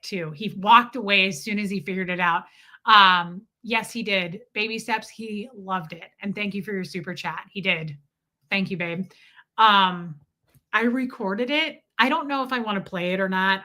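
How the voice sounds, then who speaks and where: Bright animated woman telling a story. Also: mid-range voice. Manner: animated, profane storytelling, mimics people. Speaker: livestream host. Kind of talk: casual livestream storytelling.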